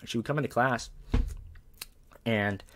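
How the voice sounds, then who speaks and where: A man's voice: medium pitch, a little slow, a bit bright, a little hiss or hum. A man from Southern California, a comedian guest, telling a story in a laid-back, profane way and saying "like" and "dude" a lot.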